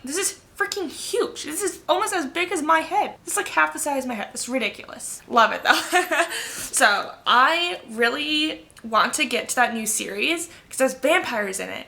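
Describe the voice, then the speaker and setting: A young woman in her twenties talks through her reading list in a loose, gossipy way, peppering every sentence with fillers. Her voice sits a little high and sounds bright and sharp, with a gravelly fry at the ends of phrases. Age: 20s. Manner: chatty, gossipy, full of "like". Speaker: book vlogger. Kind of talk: casual book chat to camera.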